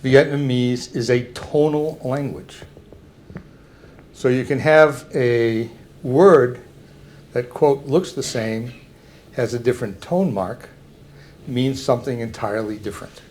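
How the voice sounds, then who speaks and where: An older man giving a public talk, slowly and carefully explaining examples to an audience. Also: medium pitch, a little mellow, a little hiss or hum.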